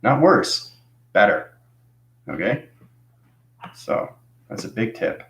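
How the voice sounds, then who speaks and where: A man's voice: on the low side, very animated, takes it slowly, vocal fry. A man giving spiritual advice to viewers, coaxing them along with "okay?" and "right?" and repeating phrases for emphasis. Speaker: spiritual vlogger. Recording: echoey room.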